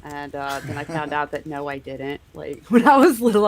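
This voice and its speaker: A woman's voice: deep voice, lively intonation, normal speed, few pauses. A woman guest on a stream, chatting casually about comics and laughing often. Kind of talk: casual interview chat.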